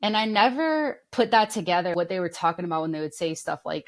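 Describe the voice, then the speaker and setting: Woman, young adult, podcast co-host, low voice, rambling, heartfelt, many fillers. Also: animated, quick pace. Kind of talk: casual chat.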